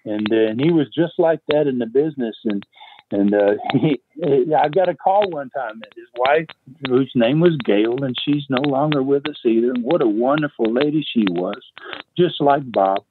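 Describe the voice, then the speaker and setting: An older man telling wrestling-era stories as a podcast guest, rambling and halting, with chuckles and fillers. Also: medium pitch. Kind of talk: casual storytelling. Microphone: phone call. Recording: tinny phone line with faint hiss.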